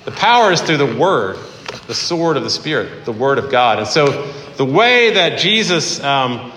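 A man preaching a sermon as pastor in a conversational way, with fillers and pauses. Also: medium pitch, sing-song, pushed and bright, slight background noise. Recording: echoey hall.

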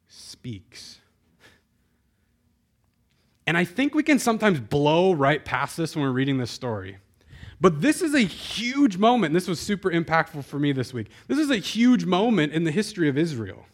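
A pastor preaching to a congregation in a casual, chatty way. His voice sits a little high for a man, and he keeps turning to the listeners with questions. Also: very animated, normal speed. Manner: conversational, addresses the congregation directly. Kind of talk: sermon. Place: church before a live congregation.

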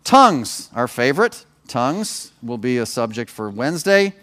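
A man's voice: medium pitch, very animated, normal speed, fairly bright tone. A man, a pastor, preaching a sermon in a conversational way, with personal stories and joking asides to the congregation.

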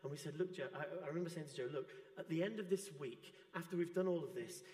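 Guy preaching in church, gentle and earnest, voice a bit high, echoey hall sound. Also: quick pace. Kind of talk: sermon.

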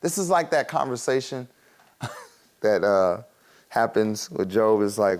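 A man preaching a sermon in a casual, conversational way, laughing often and acting out quick voices as he teaches. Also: medium pitch, animated, darkish tone. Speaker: pastor.

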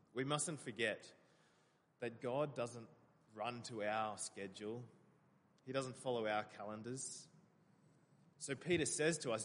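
A man delivers an earnest sermon, walking his listeners through scripture passages. His voice sits on the low side. The sound carries a long reverb, as in a large hall. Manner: earnest, explanatory preaching with scripture readings. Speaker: preacher.

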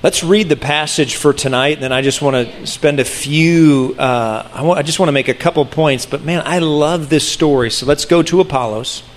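Guy preaching, voice a bit on the high side, earnest, keeps restarting his sentences. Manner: earnest, with frequent restarts and slowed emphasis. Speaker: pastor. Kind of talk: sermon.

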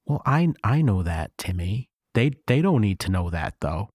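A man's voice: fairly low pitch, sing-song, moderate pace, hardly any pauses, darkish tone, breathy edge, no echo, clean studio sound. A man co-hosting an improvised comedy podcast, rambling and restarting his sentences in mock-defensive banter. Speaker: podcast co-host. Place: studio.

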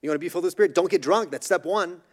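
Man, pastor, casual sermon, self-deprecating humor, slightly high voice. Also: racing.

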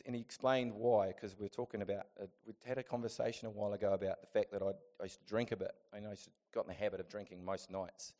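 A man sharing a casual personal testimony, animated and laughing often, sometimes jumping into loud, high acted bursts of his own past voice. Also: fast talker, hardly any pauses. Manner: laughs often between phrases. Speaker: Christian vlogger sharing a testimony.

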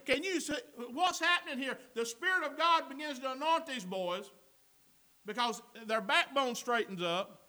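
A man delivers a sermon in a very high voice. His tone is bright and forceful, swelling into shouted lines before easing into folksy, joking asides. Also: normal speed. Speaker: pastor.

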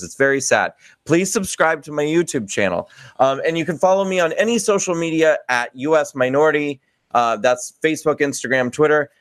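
A man's voice: medium pitch, dry recording. A man who is a guest on a podcast, chatting casually in an easygoing, self-deprecating way. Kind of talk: casual chat.

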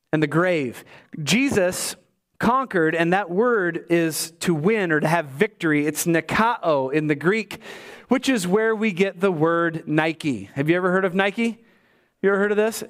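A man preaching a sermon in church, swinging between emphatic highs and low asides, with joking remarks to the congregation. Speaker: pastor.

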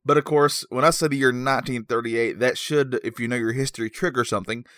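A man's voice: medium pitch, steady tone, quick pace, fairly bright tone, dry recording. A man co-hosting a podcast in casual chat, telling a story in an easygoing, self-deprecating way with lots of fillers. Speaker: podcast co-host.

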